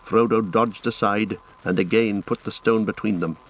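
Low-voiced man narrating an audiobook. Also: fairly even intonation, normal speed, low-quality recording. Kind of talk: scripted fantasy narration.

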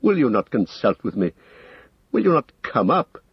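A man's voice: medium pitch, big pitch swings, normal speed, dry recording, exaggerated voice. Saruman, a man voicing a silken old wizard. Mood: coaxing. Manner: smooth coaxing, rising to lofty emphasis. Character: old male wizard, silken, proud, persuasive. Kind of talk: audiobook character reading. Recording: dull lo-fi audio, dry.

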